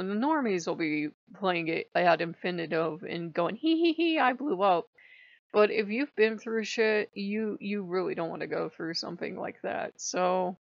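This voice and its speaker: A woman's voice: lowish voice, creaky, no echo, highs cut off. A woman hosting her own channel, telling a personal story in a frank, rambling way and swearing often. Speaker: spiritual channel host. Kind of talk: emotional personal vlog.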